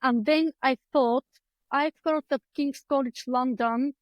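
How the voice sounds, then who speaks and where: A woman with an Eastern European accent talks on a video call from a book-filled room at home. Her voice sits high, and the sound is close and dry. She tells her story chattily, filling gaps with ums and playing out her own past thoughts. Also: fairly even intonation, measured pace, no echo, highs cut off. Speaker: guest, clinical psychologist. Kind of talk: conversational interview storytelling. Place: home room lined with books.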